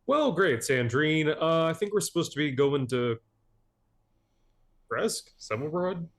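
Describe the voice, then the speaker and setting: A man's voice: on the high side, lively intonation, a little slow. Casual man playing a tabletop game. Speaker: player. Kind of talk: tabletop game role-play.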